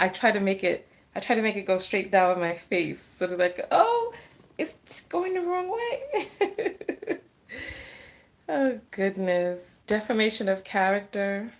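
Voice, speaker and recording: On a relaxed livestream Q&A, a woman who coaches on relationships and self-love speaks in a fairly high pitch. She reads comments from viewers and replies spontaneously, often drifting off mid-sentence and then starting over.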